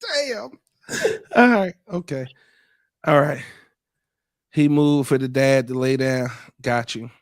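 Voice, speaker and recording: A man's voice: medium pitch, animated, slow, pauses often. A man hosting a podcast, casually breaking down a video with loose, profane talk and frequent laughs. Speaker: podcast host.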